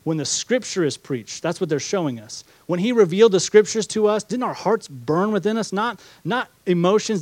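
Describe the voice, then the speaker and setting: A man's voice: high-pitched, animated, moderate pace, hardly any pauses, darkish tone, no echo. A man preaching a sermon as pastor, reading scripture aloud and explaining it with rhetorical questions and acted-out asides. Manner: acts out the disciples' doubts in quoted asides.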